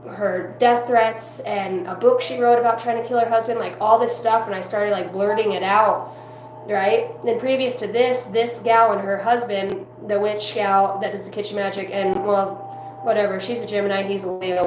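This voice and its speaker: A woman's voice: mid-range voice, normal speed. Rambling, cursing woman telling her testimony. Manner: rambling, profane, excitable storytelling. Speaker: evangelist. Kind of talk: personal testimony storytelling. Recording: roomy echo with faint hum.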